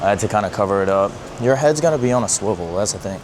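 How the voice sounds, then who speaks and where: A man's voice: fairly low pitch, expressive, rapid-fire, noisy background. A young man chatting casually in a car vlog, blunt and rambling, full of swearing and "bro". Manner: blunt, profane, rambling, says bro a lot. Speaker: vlogger. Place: in a car, driving.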